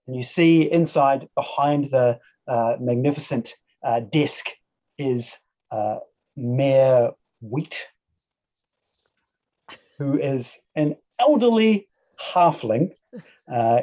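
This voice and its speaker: Mellow-voiced man running a tabletop game. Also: medium pitch. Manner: casual, halting, with fillers and laughs. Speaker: game master.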